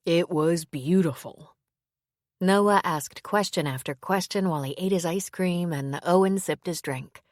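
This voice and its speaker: A woman narrating a romance novel in measured, even storytelling. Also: on the low side, dry recording, clean studio sound. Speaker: audiobook narrator. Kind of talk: scripted narration.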